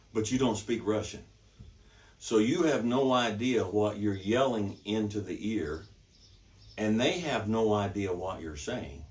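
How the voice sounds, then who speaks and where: A man with a fairly low voice gives a hands-on teaching demonstration. He drives his points home by repeating himself and checking in with "okay?". His voice is picked up from some way off the mic. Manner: emphatic, repetitive, checks in with "okay?". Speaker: horsemanship instructor. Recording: distant mic.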